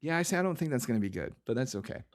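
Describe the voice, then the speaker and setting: A man's voice: medium pitch, sing-song, racing, slight background noise. A man hosting a podcast in casual chat, recapping scenes and acting out quotes. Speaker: podcast host.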